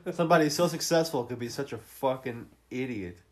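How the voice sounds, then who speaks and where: A man's voice: medium pitch, fairly quick, darkish tone. A man co-hosting a podcast, trading sarcastic, profane banter about a movie. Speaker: podcast co-host. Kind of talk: casual movie-review chat.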